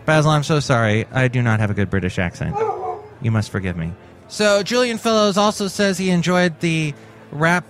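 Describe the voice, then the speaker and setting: Male podcast host, jokey, rambling, slightly high voice, faint music behind. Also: a bit bright. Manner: jokey, rambling, silly asides. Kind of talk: casual comedic podcast monologue.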